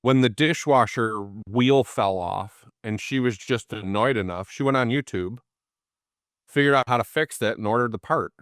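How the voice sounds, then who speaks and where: A man's voice: medium pitch, moderate pace, no echo, clean studio sound. A man, the guest in a casual interview, tells anecdotes and acts out the people in them. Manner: animated storyteller, acts out quoted people.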